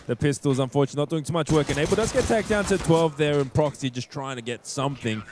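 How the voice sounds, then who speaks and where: A man co-casting an esports match, chatty and quick to laugh as he adds color commentary. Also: on the high side, background noise. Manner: lively, chatty, laughs easily. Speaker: esports co-caster.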